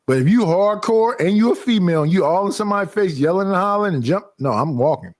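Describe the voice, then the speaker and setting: Lively slightly high man, panelist who acts out scenes, bouncy pitch, dry mic. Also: quick pace, no room sound. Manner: animated, acts out scenes in voices. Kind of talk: casual chat.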